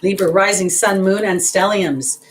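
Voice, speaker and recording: A woman's voice: medium pitch, steady tone, unhurried, a little hiss or hum, poor audio. A woman giving a casual astrology and angel card reading, chatty and rambling, speaking to viewers by name. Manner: chatty, rambling, laughs at herself when nervous; talks straight to viewers by name. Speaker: intuitive astrologer and card reader.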